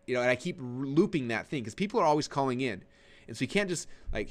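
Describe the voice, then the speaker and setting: Sitting forward and gesturing, the man runs an online marketing lesson for a recorded webinar. His pitch is medium and his pace brisk; the delivery is animated and forceful, conversational, with frequent restarts and fillers breaking up quick bursts of speech.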